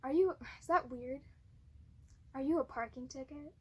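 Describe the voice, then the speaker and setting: A woman's voice: high voice, moderate pace, mellow, a little hiss or hum. A woman doing flubbed takes of a cosplay skit, giggly and flustered as she restarts her lines.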